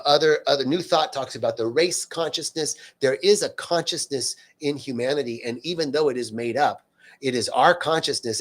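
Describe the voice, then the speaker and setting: An earnest man leads a live-streamed spiritual talk in a mid-range voice. He speaks off the cuff, restarting phrases and stacking repeated words for emphasis as he answers viewers. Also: mid-range voice. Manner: loose and unscripted, frequent fillers and restarts.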